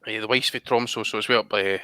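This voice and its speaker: A man's voice: on the low side, steady tone, quick pace, pushed and bright, smooth, no echo. A man telling rowdy, profane drinking stories in casual live-stream banter. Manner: boisterous, sweary storyteller. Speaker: regular panelist.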